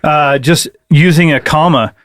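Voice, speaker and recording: High-pitched male co-host, cursing and joking, dead-dry close-mic sound. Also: unhurried, a bit bright, dry recording. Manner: jokey, exasperated, curses for emphasis. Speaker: podcast co-host. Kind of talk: casual comedic chat.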